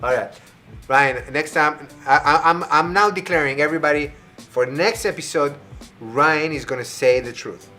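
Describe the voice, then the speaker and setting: Bright-voiced male show host. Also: fairly high pitch, moderate pace, faint music behind. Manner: upbeat, introduces acts. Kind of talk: hosting a live online variety show. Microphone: video call.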